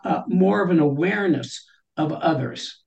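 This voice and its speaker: A woman's voice: on the low side, expressive, moderate pace, creaky, a little mellow, lo-fi sound. A woman guest in a conversational interview, talking thoughtfully and often saying "you know".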